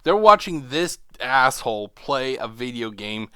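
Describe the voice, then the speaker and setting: Sweary sarcastic guy ranting on his reaction channel, super lively voice, bright. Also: mid-range voice, unhurried, clear, resonant tone, dry recording, studio quality. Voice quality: mocking, sarcastic. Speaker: reaction video host. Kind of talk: profane ranting commentary.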